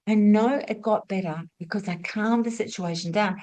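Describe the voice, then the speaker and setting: A woman's voice: fairly low pitch, moderate pace, hardly any pauses. Middle-aged woman telling a teaching story. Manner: rhetorical questions, swinging between lively and hushed. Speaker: spiritual teacher and former nurse.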